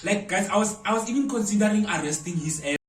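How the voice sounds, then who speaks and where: Animated South African man, roomy echo. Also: high-pitched, fast, distant mic. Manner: animated, dramatic storyteller with loud exclamations. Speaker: vlogger. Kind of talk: storytime vlog. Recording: roomy echo, voice away from mic, faint music.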